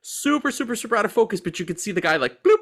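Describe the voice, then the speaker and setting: A man in his forties co-hosting a podcast, chatting about a movie in an excited, profane way. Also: high voice, very fast. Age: 40s. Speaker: podcast co-host. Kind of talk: casual movie chat.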